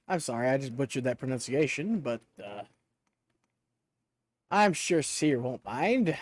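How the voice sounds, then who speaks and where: A man's voice: medium pitch, expressive, measured pace, pauses often, no room sound. A male streamer chatting casually and joking with his viewers while playing a game, laughing often. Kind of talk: casual gameplay chat.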